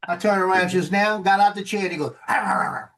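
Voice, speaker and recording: A man's voice: sits high, fairly even intonation, quick pace, fairly bright tone. A man on a live show, retelling a story in an exasperated, mock-scolding way over a remote call mic. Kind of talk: casual chat, animated storytelling. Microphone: remote call mic with noise cancellation.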